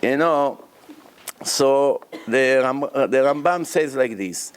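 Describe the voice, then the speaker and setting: A man's voice: mid-range voice, takes it slowly, clean tone. A male rabbi giving a Torah lecture to a congregation, emphatic, repeating words for stress, with non-native grammar. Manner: breaks into loud acted shouting of prayers and quotes.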